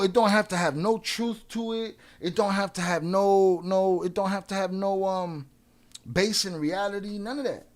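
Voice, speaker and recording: Profane, combative male stream host. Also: high voice. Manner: profane and combative, trash-talking trolls; quick shout-outs with filler "uh" and restarts. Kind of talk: casual live-stream chat.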